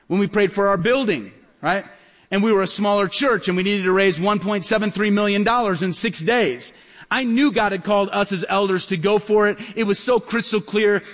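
A man preaching as a pastor, telling stories in a lively way and acting out the dialogue. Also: high voice. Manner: animated, acts out dialogue in stories. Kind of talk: sermon with storytelling. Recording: long hall reverb.

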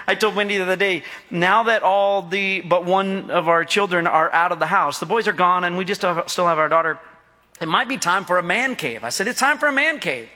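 A man's voice: sits high, moderate pace, sharp tone. A middle-aged male pastor preaching a sermon in a folksy, joking way, often calling out to his congregation for agreement. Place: church sanctuary. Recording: long reverb of a large hall.

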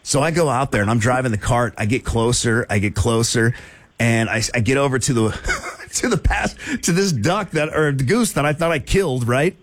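Animated talk-radio man telling a story. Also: mid-range voice, normal speed, no echo. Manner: animated, laughing storyteller with big voiced asides. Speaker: radio show host.

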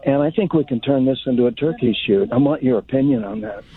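Gravelly male caller on a phone line. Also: medium pitch, sing-song, quick pace. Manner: earnest, wordy and eager. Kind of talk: call-in on talk radio.

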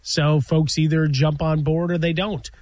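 He co-hosts a sports radio show from a studio, trading casual banter that is wordy, analytical and dryly witty. His voice is fairly high with little pitch movement, a little slow and a little mellow. It is recorded on a studio mic with no room sound.

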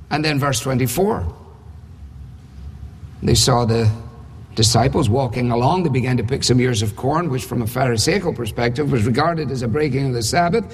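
A man's voice: medium pitch, lively intonation, normal speed. A man preaching a sermon, emphatic, with rhetorical questions and dry humor. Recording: husky voice in reverberant hall.

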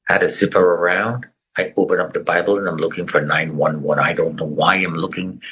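Man, middle-aged, very husky voice, muffled lo-fi sound, dramatic testimony, acts out voices. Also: deep voice, a bit bright. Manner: dramatic, acts out the voices of others in his story. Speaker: interview guest. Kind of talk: personal testimony storytelling. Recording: muffled lo-fi recording.

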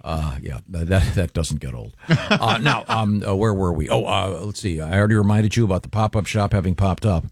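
A dry, halting man co-hosts a radio show and reads listener letters. His voice is on the low side, and the sound is dry and close. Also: no echo. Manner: hesitant and dry, with many uhs. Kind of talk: casual radio banter, reading listener letters. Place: radio studio.

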